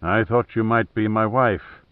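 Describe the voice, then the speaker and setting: A man voicing an old, big Irish seaman with a soft Irish accent, speaking tersely. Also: on the low side, steady tone, a little slow, dry recording, close to an everyday voice. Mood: gruff. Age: older. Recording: thin phone-like dry audio.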